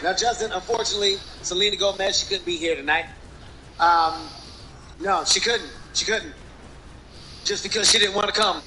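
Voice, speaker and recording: A man doing an impression of a brash male comedian, roasting someone with shouted, profane stand-up delivery. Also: high voice, normal speed, pauses often, natural voice. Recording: loud background noise.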